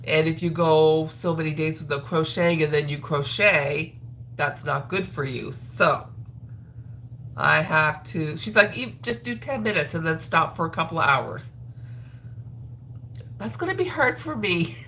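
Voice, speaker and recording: Low-pitched yet animated, a woman with a stuffy nose talks in an unhurried, fairly bright way while crocheting on a livestream, with slight background noise. She's from Atlantic Canada and rambles casually, with frequent ums and sentences trailing off with "so."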